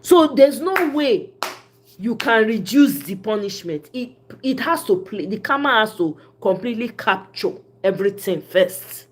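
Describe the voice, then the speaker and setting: A woman with a Nigerian accent giving casual political commentary, mixing Pidgin English with animated, often laughing delivery. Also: medium pitch, a little slow, slight background noise.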